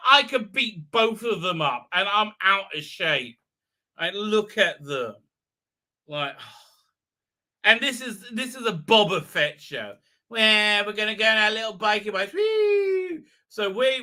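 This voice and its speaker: Bright-voiced man rambling mockingly. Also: on the high side. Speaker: show host. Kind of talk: live stream commentary.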